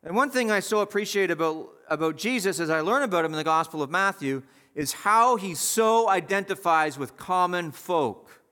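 A man's voice: high-pitched, animated, moderate pace, few pauses, sharp tone. A man preaching a sermon in a conversational, emphatic way, asking the listeners questions.

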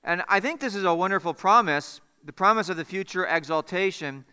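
Man, pastor, earnest sermon, bright forceful tone, long echo. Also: sits high, fairly quick, clear, resonant tone. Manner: earnest, rising to impassioned appeals, then hushed.

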